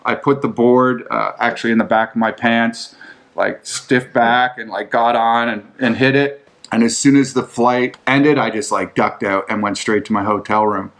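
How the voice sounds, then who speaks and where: Guy rambling through a story on his podcast, swears a lot, says like constantly, mid-pitched voice. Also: fairly even intonation, normal speed, a bit bright. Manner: profane, rambling, full of "like". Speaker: podcast host answering listener questions. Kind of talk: casual storytelling.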